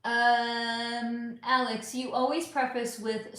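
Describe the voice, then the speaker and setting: A woman's voice: fairly high pitch, expressive, moderate pace. Woman livestreaming in a very echoey room. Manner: frank and casual, swears freely, trails off with fillers; putting on makeup while talking. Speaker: livestream host reading chat questions. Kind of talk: casual livestream chat. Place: at home.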